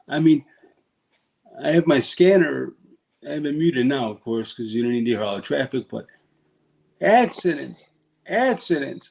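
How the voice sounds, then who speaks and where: Gravelly New York man musing. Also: medium pitch, darkish tone, poor audio. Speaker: podcast co-host. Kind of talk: casual chat.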